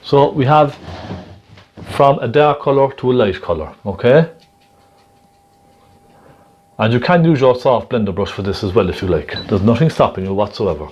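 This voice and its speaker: A man gently demonstrating a painting technique step by step, chatting and checking in with the viewer as he works. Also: medium pitch, expressive, moderate pace, pauses often, breathy edge, highs cut off. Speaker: painting instructor.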